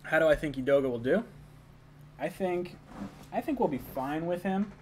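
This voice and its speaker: A man's voice: on the high side, expressive, normal speed. Chatty young guy eating on a stream. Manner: loose, chatty, eating while talking. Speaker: live stream host. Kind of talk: casual live stream chat reading chat messages.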